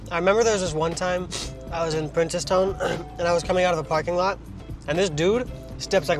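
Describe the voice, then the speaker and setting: A young man, vlogging from his parked car with a phone, rambling with jokey asides while he eats. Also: a little high. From Trinidad. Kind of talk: casual car vlog while eating.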